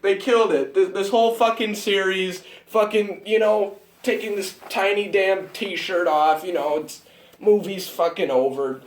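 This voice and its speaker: Young male vlogger, higher voice, ranting and breathless, roomy phone audio from a bit off-mic. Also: measured pace, far from the mic. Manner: exasperated, swings from muttering to shouting. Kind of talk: ranting movie reaction.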